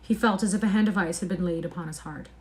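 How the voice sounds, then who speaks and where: A woman narrating a classic novel aloud on a livestream, with an expressive, measured literary reading. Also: fairly low pitch.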